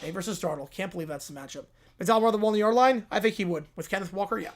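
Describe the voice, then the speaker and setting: A male host reacting to a game on a live stream. He talks in a low-key, offhand way and adds dry asides. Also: rapid-fire. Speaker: livestream host.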